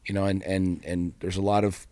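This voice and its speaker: Blunt, low-voiced man co-hosting a talk show. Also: flat delivery, moderate pace, dark tone, no room sound. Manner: blunt and profane, rhetorical questions. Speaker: podcast co-host. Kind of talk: candid casual chat.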